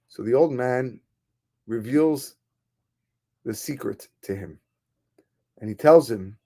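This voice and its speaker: A man who is a rabbi, telling a story in a sermon in an animated, dramatic way. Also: mid-range voice, takes it slowly, pauses often.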